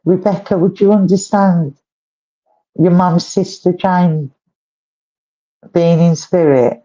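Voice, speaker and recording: A woman working as a medium, giving a live reading in halting, repetitive phrases and gentle questions to the sitter. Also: fairly low pitch, steady tone, lo-fi sound. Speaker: psychic medium.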